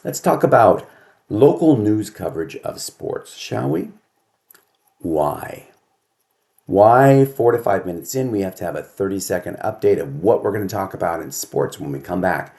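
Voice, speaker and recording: A man's voice: on the low side, a little mellow. An older man hosting his own show, delivering a casual solo monologue at home full of sarcastic complaints and rhetorical questions. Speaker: host.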